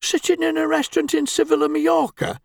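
A man's voice: high voice, animated, normal speed, gravelly, dry recording, clean studio sound, exaggerated voice. A man voicing a grumbling, stingy, middle-aged husband who swears and complains sarcastically.

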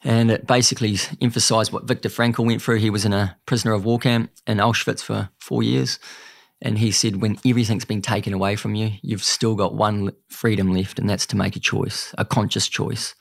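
Young kiwi guy, gravelly lowish voice, earnest, keeps saying mate, dry close sound. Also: level tone, no echo. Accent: New Zealand. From New Zealand. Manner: earnest, repeats "mate", halting restarts. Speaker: guest. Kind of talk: emotional personal story in a podcast interview.

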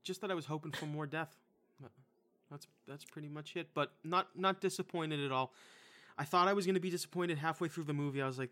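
A man with a bright, forceful voice gives a casual movie review with a co-host. He talks bluntly and swears freely. His praise comes with plenty of enthusiasm. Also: on the high side, a little fast.

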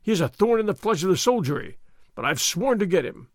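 Man playing blustering sergeant, loud, threatening, audiobook, dry close sound. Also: high-pitched, big pitch swings, brisk, no room sound. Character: blustering male soldier sergeant, loud and bullying. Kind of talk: audiobook character reading.

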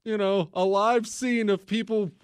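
Male talk host, high voice, dry close mic, chatty and sarcastic, laughs often. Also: steady tone, a little slow, smooth, dry recording. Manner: laughs a lot, rambling and sarcastic. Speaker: radio talk show host. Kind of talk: casual talk radio monologue.

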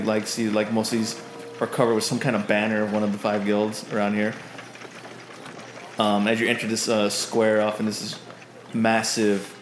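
A man narrating as game master, rambling and hesitant as he describes the scene. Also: fairly low pitch. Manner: rambling, hesitant, with many fillers and restarts. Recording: roomy echo with faint noise.

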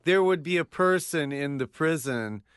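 A man's voice: a little high, animated, normal speed, a bit bright, clear, resonant tone, dry recording. A man co-hosting a comedy podcast, blunt and teasing, laughing often. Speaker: podcast co-host.

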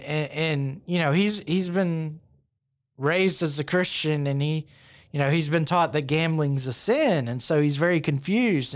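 A man hosting a podcast, narrating a story in an unhurried, conversational way with casual asides. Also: on the high side. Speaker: podcast host.

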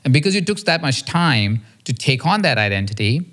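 A man hosting a podcast interview, telling a personal story in an earnest, reflective way with casual "like" and "right?" fillers. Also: fairly quick. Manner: acts out quoted dialogue with a raised, lively pitch. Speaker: podcast host.

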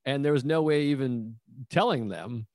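A man in his thirties hosting a casual podcast interview, musing aloud and asking relaxed follow-up questions. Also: medium pitch, normal speed, no echo, clean studio sound. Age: 30s. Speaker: podcast host.

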